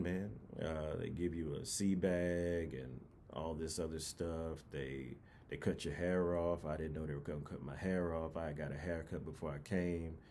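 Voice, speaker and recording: A man's voice: extremely low pitch, warm tone, slight background noise. A young man from New Orleans casually telling a personal story in a rambling, laid-back way with many fillers.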